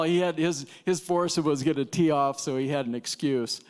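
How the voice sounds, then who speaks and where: A man's voice: on the high side, moderate pace, darkish tone. A man teaching an evangelism class at church, telling stories in a chatty way with laughs and restarts. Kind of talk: casual storytelling lesson.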